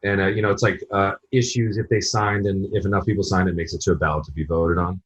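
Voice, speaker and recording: A man with a husky, lowish voice tells a loose, rambling anecdote as a podcast guest and swears casually as he goes. His sound is dull and lo-fi, with the top end missing. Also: little pitch movement, fast talker. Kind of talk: casual conversation.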